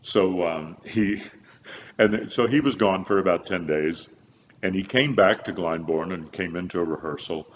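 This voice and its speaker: Older man from Kansas, very low voice, rambling anecdotes full of "um"s, slightly dull recording with faint hiss. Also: moderate pace. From Kansas, USA. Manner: rambling, many fillers and restarts, frequent chuckles. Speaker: opera bass telling career stories. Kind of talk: relaxed interview storytelling.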